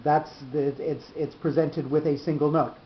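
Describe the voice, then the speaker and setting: Guy teaching a study group, kinda high voice, stops and restarts a lot, dull echoey recording w/ rumble. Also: little pitch movement. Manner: halting, many restarts and fillers, slows to spell out terms. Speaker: Torah teacher. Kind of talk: study-session explanation.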